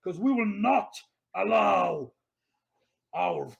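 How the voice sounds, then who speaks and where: A man's voice: high-pitched, animated, very slow, gravelly, muffled recording, voice pushed up, heavily acted. A man voicing a solemn male sword-and-shield warrior who gives a serious battle speech in a tabletop game. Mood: rallying.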